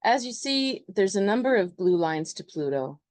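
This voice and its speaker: A woman's voice: medium pitch, big pitch swings, moderate pace, a little mellow, dry recording. A woman astrologer talking through a chart in a chatty, loose way, full of fillers. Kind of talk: casual astrology explanation.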